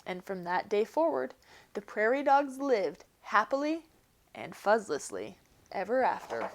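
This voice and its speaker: Animated woman reading a picture book aloud. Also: medium pitch, measured pace. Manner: expressive, animated storytelling.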